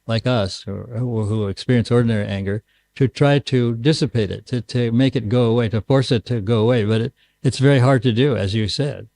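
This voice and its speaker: A man leading a temple class, answering questions in a dark, gravelly voice. He pauses often and restarts his sentences as he searches for words. The sound is dry and close. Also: medium pitch, fairly even intonation, no echo. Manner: halting, many restarts and pauses. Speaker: guru giving a scripture class. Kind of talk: unscripted question-and-answer talk.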